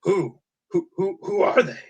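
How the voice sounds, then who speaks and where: Casual: guy doing a lost stuttering hero guy, husky and kinda high. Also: unhurried, exaggerated voice. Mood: bewildered. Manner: stammering, confused questions. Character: bewildered male undead antihero.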